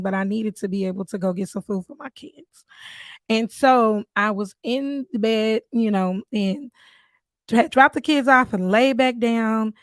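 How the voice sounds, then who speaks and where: A woman's voice: on the high side, no room sound. A woman, a mother, hosting a podcast and telling a personal faith story in an earnest, storytelling manner. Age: adult, mother of three. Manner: earnest, storytelling, with warm asides. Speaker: podcast host.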